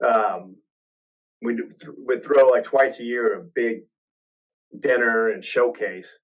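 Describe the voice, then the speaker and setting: Far from the mic on a rough recording, a podcast host speaks slowly in a mid-range voice. He tells a personal story in a loose, rambling way, starting over often and acting out the quotes.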